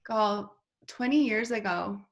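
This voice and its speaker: A woman's voice: mid-range voice, slow, muffled recording. A woman guest in a casual reunion chat, speaking with tearful affection. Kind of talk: casual group video chat.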